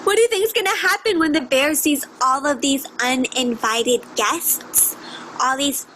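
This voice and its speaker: A teacher reading a picture book aloud to children, expressive and asking them questions. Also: female voice, sits high, a little slow, a little hiss or hum, poor audio. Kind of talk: read-aloud storytelling for children.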